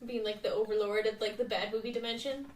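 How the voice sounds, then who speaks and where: A woman's voice: medium pitch, level tone, fast talker, distant mic. A woman co-hosting a podcast, joking wryly in casual chat. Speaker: podcast co-host. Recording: echoey room, off-mic, faint noise.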